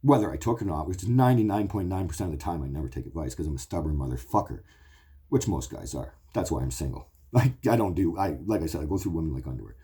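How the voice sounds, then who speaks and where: A man in his forties delivers a rambling, confessional monologue as the host of his own show. He is blunt and profane, and his voice sits very low, with a dark, mellow tone and a husky edge. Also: lively intonation, fast talker. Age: 40s.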